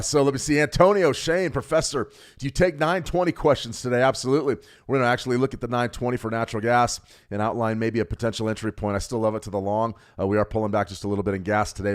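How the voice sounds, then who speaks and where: Middle-aged guy hosting a trading livestream, rapid-fire and lowish, calls out viewers by name. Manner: energetic, chatty, greets viewers by name. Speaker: trading stream host. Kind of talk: live market commentary.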